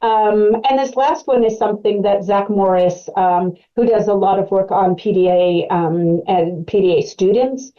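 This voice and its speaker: A woman's voice: mid-range voice, normal speed, few pauses, warm tone, highs cut off. A woman presenting an educational webcast as a clinical specialist, explaining in a conversational way with frequent fillers.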